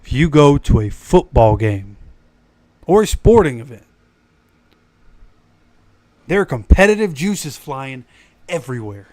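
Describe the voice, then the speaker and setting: A man's voice: medium pitch, sing-song, measured pace, pauses often, darkish tone, no echo. A man hosting a fan livestream, ranting animatedly and preaching straight at his viewers, his voice still recovering after he lost it. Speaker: fan channel host. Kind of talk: casual livestream rant.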